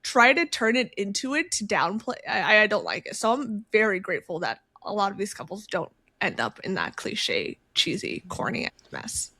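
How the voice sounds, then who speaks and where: A woman co-hosting a book podcast, talking casually and emphatically. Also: medium pitch. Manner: emphatic and expressive, quick to react with disgust. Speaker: podcast co-host. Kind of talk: casual book-club chat and reading aloud.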